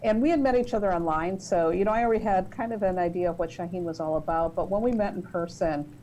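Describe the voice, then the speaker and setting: A woman, a guest author on a podcast, answering questions in a warm, conversational way, often using "you know.". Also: on the low side, fast talker, slight background noise, rough recording. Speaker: guest author and tarot reader.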